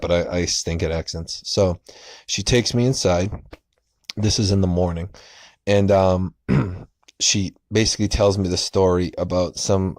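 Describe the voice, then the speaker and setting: A man's voice: low voice, a little mellow, no room sound. A man in his thirties, a podcast host, telling a true story in a casual, rambling way with many fillers and self-corrections.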